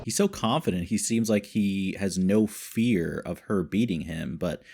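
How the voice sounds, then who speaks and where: A man hosting a reaction video, chatting casually and excitedly as he thinks aloud. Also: deep voice, measured pace, vocal fry, music in the background.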